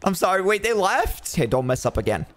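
A man giving casual, excitable game commentary as he plays, joking and talking to the characters on screen. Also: high voice, fast talker. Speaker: gaming YouTuber.

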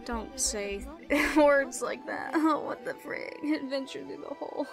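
Playful high-voiced woman gaming host. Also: unhurried, gravelly, music in the background. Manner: playful, giggly and self-mocking. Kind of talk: casual game commentary.

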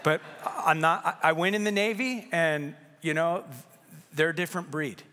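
Man, middle-aged pastor, sermon, conversational, lively asides, slightly high voice, long church reverb. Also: moderate pace. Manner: conversational and animated, with playful asides and acted-out quotes. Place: church sanctuary at a candlelight service.

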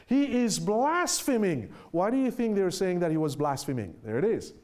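A man preaching with a high voice that swings widely in pitch. He drives each point home, keeps asking his listeners questions, and slows right down to read scripture aloud. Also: big pitch swings, dark tone. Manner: emphatic, asks the listeners rhetorical questions; reads scripture aloud slowly with heavy stress. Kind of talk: sermon.

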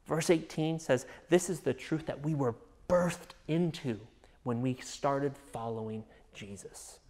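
Male pastor, mid-pitched voice, earnest sermon, softens to a hush, long hall reverb. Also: a little slow. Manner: earnest, drops to a soft hush on reassuring phrases.

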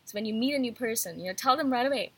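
A woman's voice: fairly high pitch, lively intonation, rapid-fire, fairly bright tone, breathy edge. A woman vlogger talking straight to her viewers in a frank, rambling, emphatic rant, a little feverish. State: slightly feverish. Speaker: YouTube host. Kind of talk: casual rant to camera.

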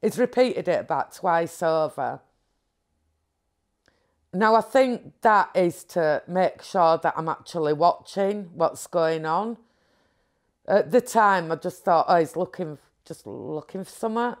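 A woman telling a candid personal story in an interview, animated and acting out movements as she talks. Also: lowish voice, measured pace. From England.

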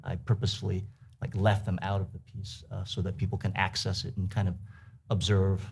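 A man's voice: sits low, monotone, brisk, creaky, darkish tone, slight background noise. A man speaking on a book panel, hesitant and thoughtful, with many fillers and restarts, then reading from his essay. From United States. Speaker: author at a book talk. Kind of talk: panel talk and reading aloud.

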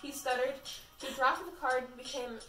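A woman's voice: sits high, fairly even intonation, moderate pace, bright, forceful tone. Woman reading fan fiction aloud. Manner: casual amateur reading. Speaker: fanfiction reader. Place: room at a party. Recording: echoey room, mic far off, faint music.

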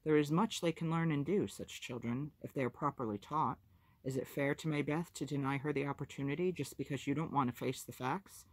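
A woman reading aloud who voices a calm, firm older nun in a measured, doubting way. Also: deep voice, dry recording.

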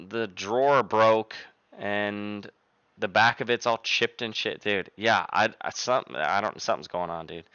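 A man's voice: fairly low pitch, bright, forceful tone, dry recording, highs cut off. A young man live-streaming from his desk at home, chatting casually and profanely into a desk microphone and rattling off thanks to viewers by name.

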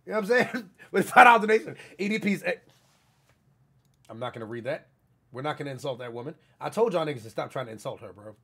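A young man from New York, streaming live and loudly calling out donors in heavy street slang. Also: medium pitch, expressive, quick pace, slightly rough. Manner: loud, hyped shout-outs to donors in heavy street slang. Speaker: livestreamer. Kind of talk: casual livestream chat reading out donations.

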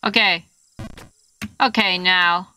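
A young woman streams a game live, her low-ish voice slow, bright and forceful with fairly even intonation over a little hiss or hum. She swears, lets out frustrated outbursts, and yelps playfully as she plays.

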